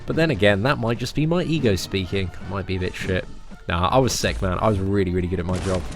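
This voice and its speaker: A man's voice: low voice, quick pace, music in the background. A young man, chatting cheekily with viewers on a late-night live stream, swearing casually and calling everyone mate.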